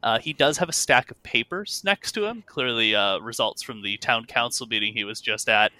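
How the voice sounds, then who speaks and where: A man's voice: medium pitch, normal speed, pushed and bright, dry recording. A man narrating as game master in a tabletop game, loose and full of fillers and restarts.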